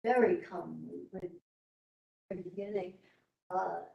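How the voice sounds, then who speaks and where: A woman testifying as an expert witness under cross-examination, speaking haltingly and often trailing off mid-sentence. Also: fairly low pitch, gravelly, mellow, lo-fi sound. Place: courtroom. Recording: echoey courtroom audio from far off.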